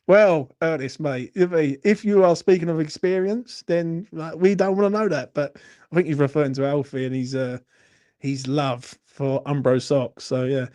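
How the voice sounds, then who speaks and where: A man's voice: medium pitch, darkish tone. A young man, hosting a late-night football Q&A and chatting casually. He swears a lot and teases viewers. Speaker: football channel host. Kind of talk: casual live Q&A chat.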